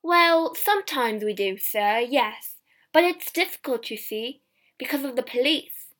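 Woman putting on a loud servile male showman, high and pushy, slow and deliberate, storybook reading. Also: lively intonation, exaggerated voice. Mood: fawning. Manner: loud, eager, servile with many "sir"s.

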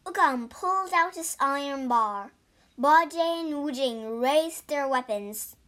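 A woman reading a storybook aloud slowly and clearly for English learners. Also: high-pitched, animated, fairly bright tone. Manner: slow, clear, deliberate.

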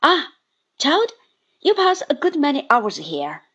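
A woman reading the part of a brisk, fond elderly aunt with crisp, emphatic lines. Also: high voice, wildly swooping pitch, a bit bright, voice pushed up, exaggerated voice. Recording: dull lo-fi recording.

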